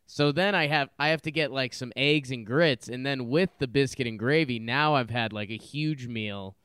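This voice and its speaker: A man co-hosts a podcast, rambling through casual chat with lots of fillers and restarts. His medium-pitched voice moves at a moderate pace and sounds fairly bright and clean, with no echo and a clean studio sound.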